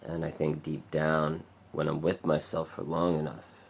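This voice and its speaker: A man giving a rambling, halting confessional monologue for his vlog, heavy on filler words, who sometimes drops to a murmur. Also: very deep voice, completely flat delivery, gravelly, a little hiss or hum. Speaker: vlogger.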